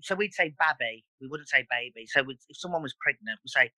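A guest with a Black Country accent chatting warmly in a casual interview, often slipping into broad local voices. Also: male voice, mid-range voice, animated, quick pace, no room sound, rough recording. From Black Country, England. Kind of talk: casual chat.

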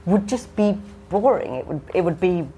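Lower-voiced woman writer arguing a point. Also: lively intonation, moderate pace, mellow. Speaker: writer on a panel. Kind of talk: panel discussion.

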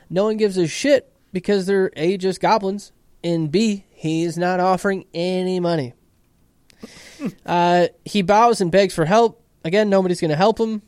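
A man's voice: high voice, darkish tone, clear, resonant tone, no room sound, clean studio sound. A man co-hosting a podcast, recapping an episode in a laid-back way with swearing asides. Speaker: podcast co-host.

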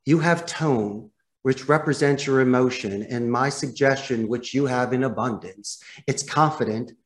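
A man speaking as a guest in an interview, explaining in an animated, coaching way and addressing the host directly. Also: mid-range voice, a little slow. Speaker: call center executive, interview guest.

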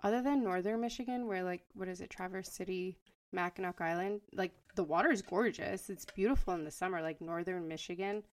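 A woman's voice: lowish voice, a little fast. A woman from Connecticut co-hosting a podcast, chatting bluntly and swearing casually. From Stamford, Connecticut. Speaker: podcast co-host. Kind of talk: casual chat.

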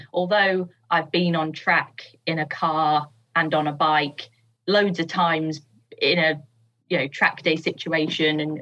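Casting: husky, lowish woman from England, giggly podcast guest, dull lo-fi recording. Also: fairly bright tone. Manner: giggly, hesitant with fillers. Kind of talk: casual chat.

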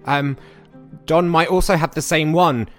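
A man's voice: fairly high pitch, fairly even intonation, measured pace, soft background music. A man playing in a tabletop role-playing game, stammering and panicky. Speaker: player. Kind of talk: tabletop role-play chat.

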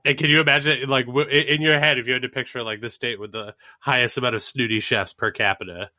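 A man's voice: medium pitch, steady tone, sharp tone, no echo, clean studio sound. A man with a mixed Boston, Southern and Midwestern accent, co-hosting a casual podcast chat, brash and profane. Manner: brash, profane and quick, breaking into laughs. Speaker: podcast co-host.

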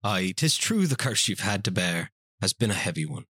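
Sly little leprechaun woman, Irish brogue, lively low voice, dry sound. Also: moderate pace, breathy edge, no echo, heavily acted. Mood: sultry. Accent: put-on Irish. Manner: playful brogue, laughs through lines. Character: cheeky bawdy female leprechaun, small and sly. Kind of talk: comedic dramatic reading.

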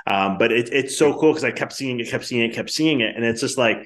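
A man hosts a casual podcast, talking at a brisk clip and a medium pitch. He tells his stories in an animated, friendly, informal way. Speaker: podcast host, former chiropractor.

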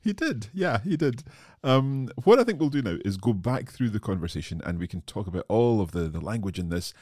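A man's voice: on the low side, very animated, a little fast, darkish tone, no room sound, clean studio sound. A man hosting a language lesson podcast, joking at his own expense while discussing phrases with a teacher. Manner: self-deprecating, joking. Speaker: podcast host learning Swedish.

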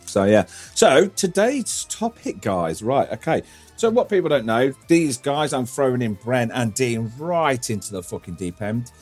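A man's voice: mid-range voice, very animated, measured pace, darkish tone, soft background music. A man hosting a casual podcast, rambling through stories, swearing freely and laughing often. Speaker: podcast host.

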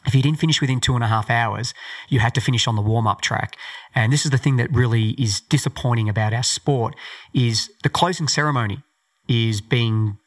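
A man's voice: medium pitch, a little fast. A middle-aged Australian man, a former Olympic marathon runner, telling his story in a podcast interview with loose, rambling speech full of fillers.

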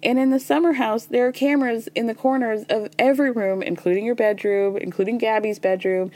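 A woman's voice: on the high side, steady tone, a little fast, darkish tone. A woman hosting a casual recap podcast, talking in a chatty, profane way and voicing the lines of the people she describes. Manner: chatty and profane, says y'all and girl; retells scenes by voicing quoted dialogue. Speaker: podcast host recapping reality TV.

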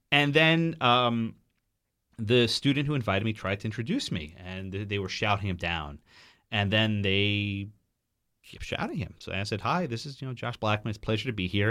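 A man, a guest in a podcast studio, telling a story in an animated way and acting out what other people said. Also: fairly low pitch. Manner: animated, quotes people in changing voices.

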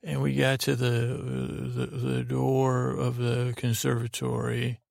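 A man's voice: mid-range voice, monotone, takes it slowly, darkish tone, no room sound, clean studio sound. A man hosting a podcast, telling a meandering bedtime story full of hesitations and restarts. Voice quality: gravelly. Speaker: podcast host. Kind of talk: rambling sleep-story narration.

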